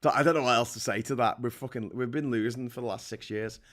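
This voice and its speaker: A man's voice: mid-range voice, quick pace, fairly bright tone. Sweary British man ranting on a livestream. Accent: British English. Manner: sweary, heated, sarcastic. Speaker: livestream host reading chat. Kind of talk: casual political rant.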